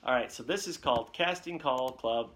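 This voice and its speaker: A man's voice: medium pitch, moderate pace, a bit bright, a little hiss or hum. A young man, a voice actor, chatting casually and joking with viewers during a live Q&A from his home recording setup on a condenser mic. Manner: chatty, jokey, reads out viewer comments. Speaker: voice actor hosting a live Q&A stream. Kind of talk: casual live-stream chat. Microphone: condenser microphone with reflection shield.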